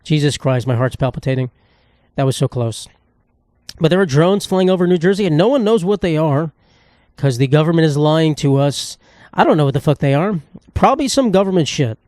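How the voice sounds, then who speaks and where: A man's voice: a little high, lively intonation, brisk, darkish tone, no room sound, studio quality. A man in his twenties hosting a solo comedy podcast, ranting profanely and sarcastically, jumping into silly voices. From United States. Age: 20s. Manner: profane, rambling, sarcastic, with sudden jumps into silly put-on voices. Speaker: podcast host.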